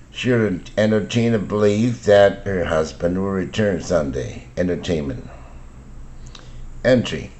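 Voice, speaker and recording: An older man reads English vocabulary words and example sentences for learners. His voice is very low and his pace unhurried and deliberate. A faint hum of room ambience sits behind him. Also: a little mellow. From Taiwan. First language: Mandarin. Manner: slow, deliberate word-by-word reading. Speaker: English pronunciation teacher.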